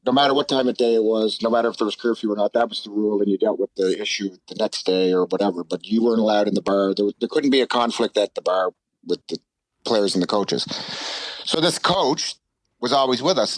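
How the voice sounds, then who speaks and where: Man spinning animated locker-room anecdotes. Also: medium pitch, no room sound, low-quality recording. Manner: animated anecdotes, quotes himself. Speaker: guest, former hockey teammate. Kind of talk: casual storytelling.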